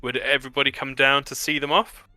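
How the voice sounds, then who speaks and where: A man narrating a tabletop game as game master, in a relaxed, chatty way with many fillers. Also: mid-range voice, fast talker, dry recording, soft background music.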